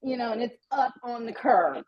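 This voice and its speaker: Middle-aged lady telling a story casually, kinda high voice, laughs at herself, dull lo-fi audio. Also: normal speed, a crowd in the background. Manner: animated, self-deprecating. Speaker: guest storyteller. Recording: dull lo-fi sound.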